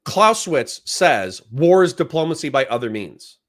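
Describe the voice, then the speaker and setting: A man's voice: on the high side, big pitch swings, moderate pace. Profane ranting male streamer. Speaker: livestreamer reacting to a debate. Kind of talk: live-stream commentary.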